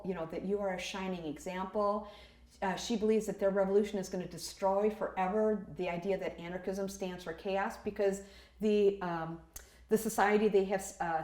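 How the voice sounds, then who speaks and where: A woman's voice: mid-range voice, darkish tone, reverberant. A woman giving an informal history presentation, chatty with many ums and uhs.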